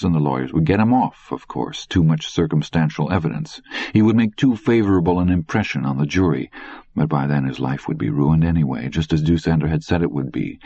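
Deep husky guy reading a thriller audiobook, dull dry sound. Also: mellow, no room sound. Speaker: audiobook narrator. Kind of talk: dramatic audiobook narration.

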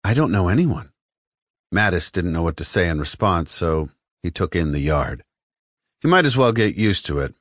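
A man reading an adventure novel aloud as the audiobook narrator, in an expressive storytelling manner. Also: sits low, normal speed, no room sound, studio quality. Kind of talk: scripted narration.

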